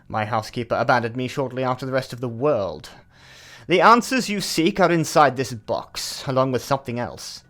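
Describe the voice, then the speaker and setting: A man's voice: medium pitch, a bit bright, lightly acted. A man voicing a mysterious, secretive letter writer in an exaggerated English accent, reading solemnly.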